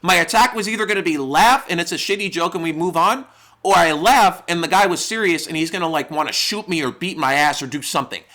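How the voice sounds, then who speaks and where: Young man from New York, high and bright voice, profane rambling comic storyteller. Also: fast. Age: young adult. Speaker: YouTuber. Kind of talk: comedic storytime narration.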